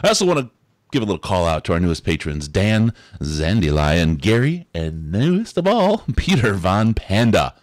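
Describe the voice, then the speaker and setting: A man hosting a live sports podcast, running through announcements in an upbeat, animated way. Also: sits low, normal speed, no room sound. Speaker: podcast host.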